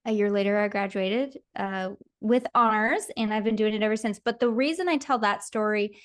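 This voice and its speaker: A woman in her thirties tells her story as a guest on a podcast, at an everyday mid pitch. She talks casually and laughs often. She keeps acting out her own inner voices as she goes. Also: moderate pace, fairly bright tone. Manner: laughs often while talking.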